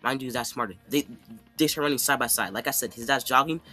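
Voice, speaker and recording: A man's voice: medium pitch, fast talker, pushed and bright, faint music behind. A man casually recapping an anime fight in a rambling, slangy way, often checking in with "okay?". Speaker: anime commentator.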